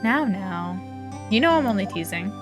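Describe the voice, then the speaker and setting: A woman voicing a composed young woman lawyer who gently teases her younger sister, read aloud from a game. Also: mid-range voice, lively intonation, normal speed, over music, pitched below the performer's own voice, natural voice. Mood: calm teasing.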